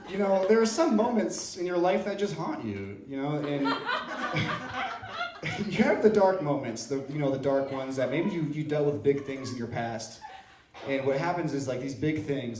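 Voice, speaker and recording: A man's voice: medium pitch, echoey room, recorded from a distance, background noise. A man from Iowa doing an open-mic stand-up set in a comedy club, playful and self-deprecating as he works the crowd.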